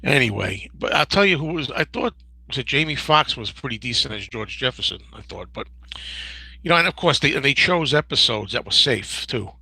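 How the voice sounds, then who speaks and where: A man in his fifties hosting a casual livestream Q&A, rambling and digressive with many restarts and a gravelly, husky voice. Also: medium pitch, very animated, brisk, bright, forceful tone, dry recording, poor audio. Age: 50s. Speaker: host.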